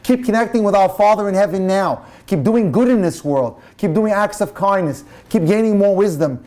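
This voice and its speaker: A man's voice: moderate pace, warm tone. A man, a rabbi, giving an inspirational lecture full of passionate storytelling. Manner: passionate storyteller, turning low and solemn.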